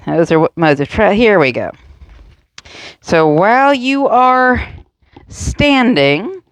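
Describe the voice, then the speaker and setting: A woman's voice: lowish voice, no room sound. A woman leading a yoga lesson for children and their adults, encouraging, playful and full of questions to the kids. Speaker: kids' yoga instructor.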